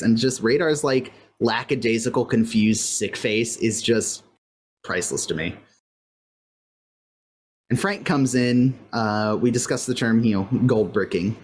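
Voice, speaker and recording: A podcast co-host talks through an episode recap in a loose, chatty way, circling back on thoughts and leaning on filler words. The pitch sits in the middle of the range. A faint hum of a fan runs underneath. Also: expressive, normal speed. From California. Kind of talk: casual episode recap chat. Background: faint fan or air-conditioner hum.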